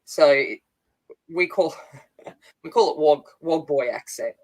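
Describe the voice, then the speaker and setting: Australian woman, low voice, casual livestream chat, halting and laughing. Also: a little mellow, poor audio. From Australia, country town. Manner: chatty, halting, laughs often. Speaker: co-host.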